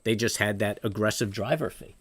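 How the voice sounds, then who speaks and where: A man, ranting profanely in casual chat as a trading stream host, jumping from loud outbursts to low muttering. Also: steady tone, fairly quick, a little hiss or hum. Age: late 40s.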